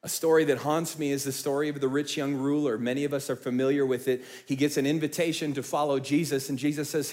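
A man's voice: medium pitch, fairly even intonation, fast, hardly any pauses, a little mellow. Man preaching with big dynamic swings. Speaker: pastor. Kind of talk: sermon.

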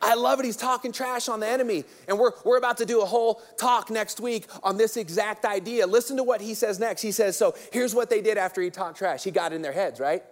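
A man in his thirties preaches with a fairly high voice. He retells the story with energy and humor, joking his way through the scene like a storyteller. The delivery is a casual, lively pastor's sermon. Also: brisk, hardly any pauses.

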